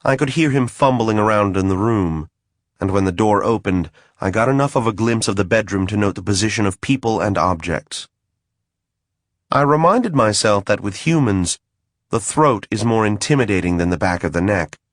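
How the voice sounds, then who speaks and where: A man's voice: fairly low pitch, expressive, moderate pace, dry recording. A man reading a first-person fantasy audiobook in a dry, wry manner. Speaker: audiobook narrator.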